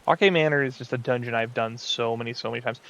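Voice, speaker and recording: A man's voice: medium pitch, fast, fairly bright tone, dull audio. A man giving casual, rambling commentary while playing an online game, full of fillers and asides. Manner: rambling, chatty, many fillers. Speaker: gaming video host.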